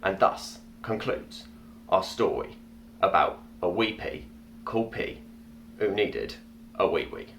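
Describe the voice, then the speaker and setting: A man's voice: low voice, animated, a bit bright, a little hiss or hum, exaggerated voice. A man doing a celebrity voice reading a story. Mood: storytelling. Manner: earnest, deliberate reading of tongue-twisting rhymes. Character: male celebrity impression, a grown man reading a silly story. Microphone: webcam or laptop mic on a video call.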